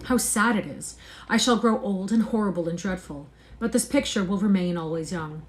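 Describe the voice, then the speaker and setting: A woman's voice: medium pitch, normal speed, lightly acted. A woman reading aloud, voicing a vain young man who pleads in anguish with impassioned, rising cries.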